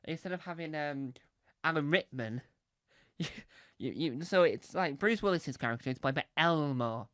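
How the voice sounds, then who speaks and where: A man's voice: fairly high pitch, expressive, moderate pace, fairly bright tone, no echo, studio quality. A man doing a rambling, playful stand-up routine on a comedy club stage, with lots of fillers and restarts.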